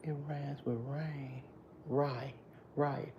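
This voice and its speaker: A woman's voice: medium pitch, very animated, lo-fi sound, a little hiss or hum. A tired woman hosting a casual livestream, greeting viewers by name in a playful, sing-song way. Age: has a grown daughter. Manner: sings out greetings, drawn-out and playful. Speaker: livestream host.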